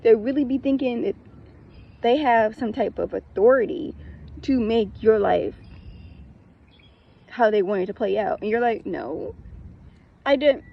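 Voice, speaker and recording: Woman for a casual spiritual talk, higher gravelly voice, blunt and emphatic with repeated points, lo-fi sound. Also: a little slow, long pauses. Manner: breaks into laughter. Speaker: spiritual content creator.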